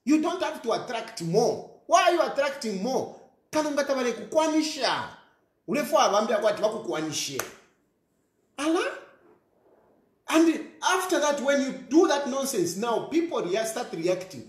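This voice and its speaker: Zambian man, high-pitched voice, lively swings, scolding rant, echoey room. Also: normal speed. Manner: scolding, mixes English with local language. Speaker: social media commentator. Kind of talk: animated social media rant.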